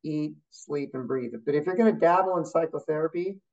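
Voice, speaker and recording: A man's voice: fairly high pitch, a little fast, darkish tone, highs cut off. A man, a therapist guest, talking bluntly and telling stories in a casual interview. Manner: blunt, storytelling, competitive.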